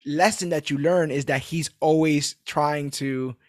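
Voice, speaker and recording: A man's voice: on the high side, unhurried, dry recording, clean studio sound. A man casually recapping a TV episode on a podcast, acting out the characters' lines and laughing as he goes. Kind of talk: casual chat.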